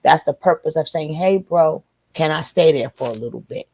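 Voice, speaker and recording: A woman's voice: low voice, normal speed, darkish tone, husky, no echo. A woman interviewer in a casual chat, speaking in a sympathetic, encouraging way.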